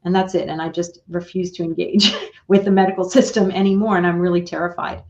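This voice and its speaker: A woman guest on a talk show, retelling a personal story in a chatty, animated way with quoted dialogue. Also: on the low side, fast talker. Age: older. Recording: dull lo-fi remote audio.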